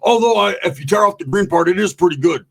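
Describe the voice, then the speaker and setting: A man voicing a rambling, strung-out biker buddy who keeps calling everyone brother, with a husky voice. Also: high-pitched, lively intonation, quick pace, full character voice.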